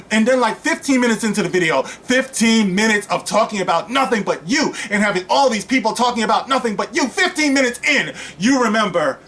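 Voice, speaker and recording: A man's voice: high-pitched, a little fast, few pauses, a little hiss or hum. A man giving casual, rambling commentary to his channel, full of "you know" fillers and bursts of mocking sarcasm. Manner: animated, mocking, breaks into sarcastic put-on voices. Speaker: YouTube commentator.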